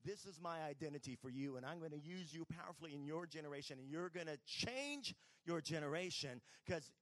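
A man preaching a sermon, telling Bible stories with animated voices for the characters. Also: a little high, a little fast, no echo.

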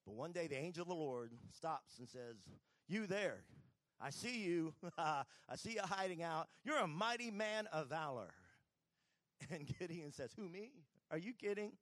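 A man preaching a sermon, telling Bible stories with animated voices for the characters. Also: a little high, unhurried, no echo.

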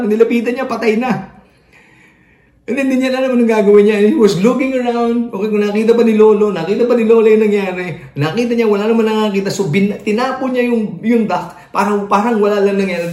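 High-voiced Filipino preacher telling a story. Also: male voice, roomy sound. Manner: animated storyteller mixing Tagalog and English. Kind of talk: sermon storytelling.

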